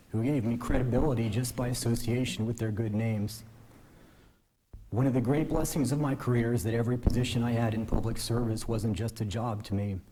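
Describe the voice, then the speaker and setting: In a courtroom, a man in his forties who has just been appointed a justice gives a formal ceremonial speech from the podium. His medium-pitched delivery is earnest and gently self-deprecating, heard on a low-quality recording with slight background noise.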